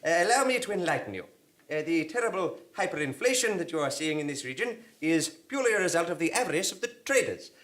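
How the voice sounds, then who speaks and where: A man's voice: on the high side, sing-song, quick pace, a bit bright. A man voicing a pompous, long-winded town bureaucrat who lectures with long words.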